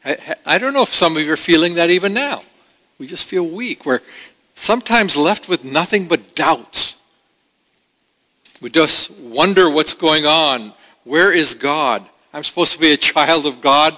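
A man preaching a sermon as pastor, earnest and conversational, with halting restarts. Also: on the high side, lively intonation, pushed and bright. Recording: long hall reverb.

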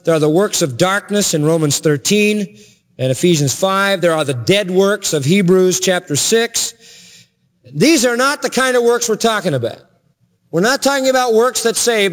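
Preacher man going full sermon mode, highish voice, big echoey church hall, bit of music under it. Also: expressive, moderate pace. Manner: impassioned, rising to emphatic high peaks. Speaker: pastor. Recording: long hall reverb with faint music.

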